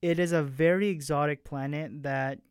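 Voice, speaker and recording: A man reading aloud an excerpt of his own story in a soft, hushed way, with small slips and restarts. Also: a little high, steady tone, moderate pace, clear, resonant tone, dry recording, studio quality.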